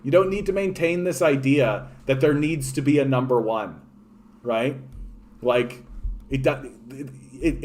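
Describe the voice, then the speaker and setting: A man's voice: a little high, a little mellow. A man with a Canadian accent, ranting in a solo political commentary, sarcastic and profane, often mocking others in put-on voices. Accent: Canadian English.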